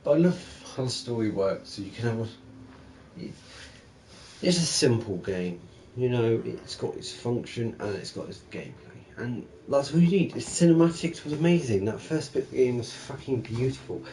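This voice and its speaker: A young man chatting casually and profanely about video games, rambling and animated. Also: mid-range voice, normal speed, a little hiss or hum, rough recording. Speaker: gaming channel streamer.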